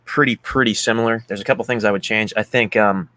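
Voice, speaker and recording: A man's voice: lowish voice, fairly even intonation, fast talker, bright, forceful tone. A man hosting a casual music chat, enthusiastic and swearing freely as he talks through an album. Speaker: podcast host.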